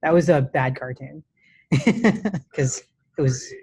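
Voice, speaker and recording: Brief: male coding instructor, relaxed classroom lecture, talks while typing. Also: mid-range voice, slow, vocal fry, husky. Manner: casual, many restarts, says "right?" often.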